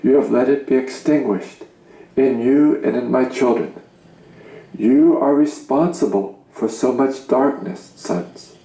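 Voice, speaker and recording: Man, grave slow reader, gravelly, roomy sound; scripture-style delivery. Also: medium pitch, warm tone. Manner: grave, commanding, measured delivery. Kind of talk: solemn reading of a religious message. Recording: roomy echo.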